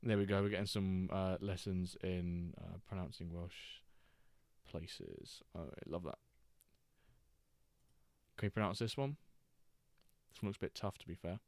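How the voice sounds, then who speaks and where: A man's voice: deep voice, a little slow, vocal fry, long pauses, darkish tone, no echo. A man hosting a live stream, chatting casually and joking as he reacts to chat and the games.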